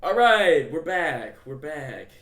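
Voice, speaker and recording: A young male podcast co-host who laughs often and teases his partner. His slightly high voice swings widely up and down in pitch. He talks at an easy, unhurried pace. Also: very animated, fairly bright tone, slight background noise. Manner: laughs often, teasing banter. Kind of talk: casual chat.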